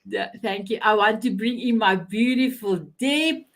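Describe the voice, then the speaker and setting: Slow, effusive woman host. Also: fairly high pitch. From South Africa. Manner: effusive, repeats herself, many restarts. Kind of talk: live online show hosting.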